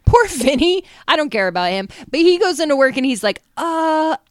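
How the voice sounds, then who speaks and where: A woman in casual chat, expressive and joking, swearing freely. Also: high voice, a little fast, no echo, studio quality. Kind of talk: casual chat recapping a reality show.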